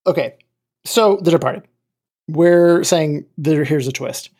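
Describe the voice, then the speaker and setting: A podcast co-host in loose comedic chat, circling around questions with plenty of "like"s, mid-range voice, relaxed and talkative among friends. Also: medium pitch, takes it slowly. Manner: rambling, lots of fillers. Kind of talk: casual comedic chat about movies.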